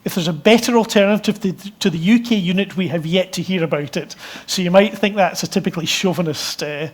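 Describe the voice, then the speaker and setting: A middle-aged man from Scotland giving a conference presentation to an expert meeting, hesitant, with frequent fillers and restarts and a dry, measured delivery. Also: high voice.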